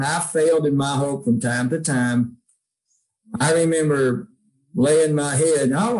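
A man's voice: fairly high pitch, a little mellow, rough recording. A man, a songwriter, telling heartfelt stories in a casual interview, rambling with many restarts. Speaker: songwriter guest.

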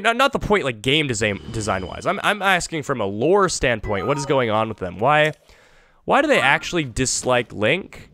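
A man's voice: a little high, noisy background. A man giving casual, chatty commentary while playing a video game, often restarting his thoughts. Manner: chatty, self-interrupting musings. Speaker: let's play host.

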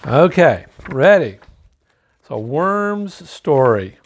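A man reading a children's picture book aloud to kids, lively and showing the pictures as he goes. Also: on the high side. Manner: lively, animated storytelling, pausing to show pictures.

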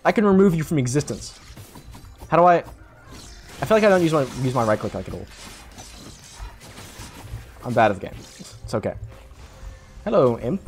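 A man's voice: mid-range voice, very animated, normal speed, long pauses, faint music behind. A young man rambling through casual gameplay commentary late at night, tired, self-deprecating and swearing freely. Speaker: gaming YouTuber.

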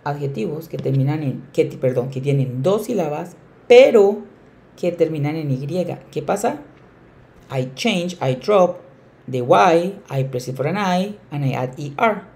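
A woman teacher explaining grammar emphatically, often repeating key words and slowing down on examples. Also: deep voice, lively intonation, creaky, warm tone. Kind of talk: bilingual classroom explanation.

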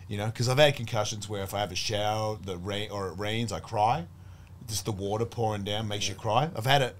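A man's voice: lowish voice, fairly even intonation, a little fast, a little hiss or hum. A middle-aged man telling a long story as a podcast guest, swearing freely and acting out what others said. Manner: profane, rambling, acts out quoted voices. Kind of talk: casual storytelling chat.

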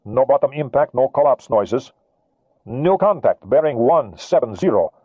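A man voicing a young Soviet midshipman who gives crisp, dutiful sonar reports in an audiobook reading. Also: mid-range voice, expressive, moderate pace, dry recording, narrow, tinny audio, voice pushed up.

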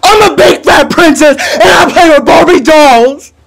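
A man's voice: a little slow, vocal fry, shouting, noisy background, exaggerated voice. An actor playing a frightened, broken young man in his twenties who pleads while crying. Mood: sobbing. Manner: pleading, sobbing, high and strained.

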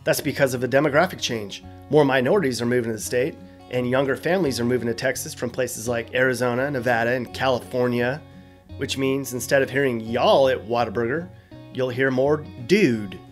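A man narrates a scripted explainer in a casual, joking tone. His voice sits in a middle pitch, and he drops wry asides between facts. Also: steady tone, a little fast, faint music behind. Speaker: host.

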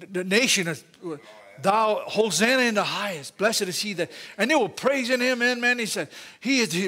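A man's voice: sits high, bright, forceful tone. A man with a Louisiana Southern accent preaching a fervent sermon as pastor in a church, often exclaiming praise and hallelujah. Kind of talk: Pentecostal-style sermon. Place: church sanctuary.

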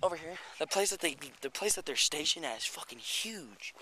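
A man's voice: fairly high pitch, expressive, a little fast, pushed and bright, slight background noise. Rambling, swearing man vlogging outdoors. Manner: rambling, swears a lot, chatty asides. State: slightly out of breath. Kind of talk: casual walking vlog. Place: outdoors in rural hills by a creek. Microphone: handheld camera.

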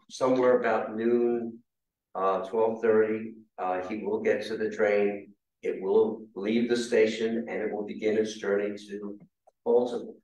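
A man's voice: on the low side, a little mellow, dull audio. Man giving a history talk in an echoey hall. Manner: conversational, asks the audience questions. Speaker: guest speaker. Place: meeting hall. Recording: very echoey room, mic far off.

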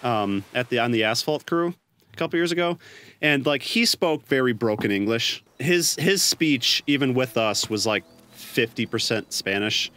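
A man co-hosting a let's play, telling stories in loud, jokey banter and shouting at the game. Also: mid-range voice, animated, moderate pace. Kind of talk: casual gaming banter.

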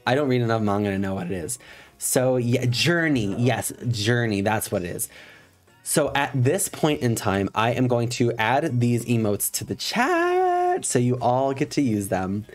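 A man's voice: mid-range voice, sing-song, normal speed, soft background music. A man in drag on a live stream, chatting casually and campily with his viewers, swearing playfully at them.

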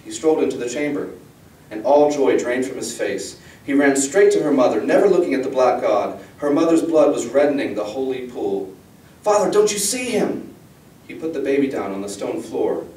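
A man, the author, giving an expressive, measured reading of his fantasy novel. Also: medium pitch, recorded from a distance. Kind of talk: dramatic fantasy book reading. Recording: echoey room, voice from the mic.

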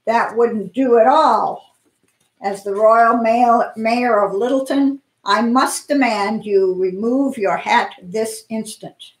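A woman voicing a pompous small-town male mayor who speaks slowly and self-importantly. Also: fairly high pitch, roomy sound, poor audio.

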